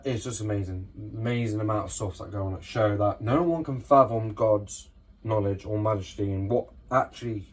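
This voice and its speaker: A man's voice: on the low side, a little mellow. A man giving casual Bible teaching, reading scripture verses aloud and often checking in with his listeners. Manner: conversational, keeps checking in with listeners.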